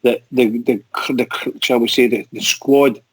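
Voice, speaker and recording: A Scottish man chatting excitedly about football on a fan radio show, laughing a lot and tripping over his words. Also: medium pitch, unhurried, husky, no echo, low-quality recording. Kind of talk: casual football chat.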